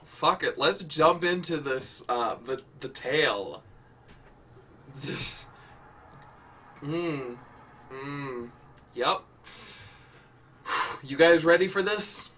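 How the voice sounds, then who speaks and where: Casual storyteller reading his own story, swears a lot, bright husky voice, a bit off the mic. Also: medium pitch, very slow, long pauses, distant mic. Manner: swearing, self-deprecating, hesitant between lines.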